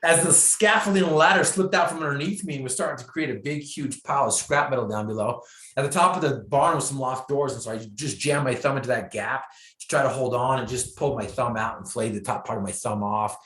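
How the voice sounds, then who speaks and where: A man, a guest speaker, telling a personal story in an interview with self-deprecating humor, acting out the lines of the people in it. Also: brisk. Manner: animated storyteller, acts out his own and others' lines with bursts of pitch and volume. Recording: echoey room.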